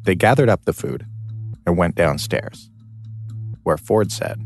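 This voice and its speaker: A man narrating a documentary podcast in a measured, scripted way and interviewing a guest. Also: sits low, animated, faint music behind.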